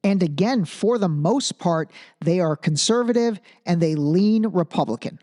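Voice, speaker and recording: A man's voice: sits high, animated, a little slow, mellow. Chatty man riffing on a podcast. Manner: thinking aloud, restarts, checks in with "okay?". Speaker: podcast host. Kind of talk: casual solo commentary.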